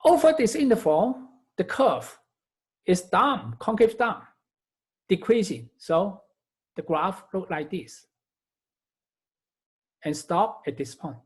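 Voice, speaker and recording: A man's voice: high voice, sing-song, slow, long pauses. A man teaching a recorded math lecture, working through each step methodically and often repeating or correcting his phrases. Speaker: math instructor.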